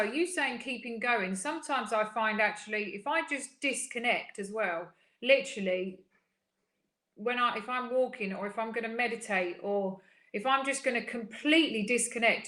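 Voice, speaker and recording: A woman's voice: a little high, fairly bright tone, echoey room. A woman co-hosting a casual live wellbeing show, upbeat and earnest, talking in long flowing runs. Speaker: co-host of a spiritual wellbeing show.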